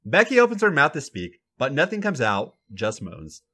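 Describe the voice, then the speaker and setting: A man hosting a podcast, reading a fan fiction story aloud with an animated, dramatic delivery. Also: mid-range voice, normal speed, breathy edge.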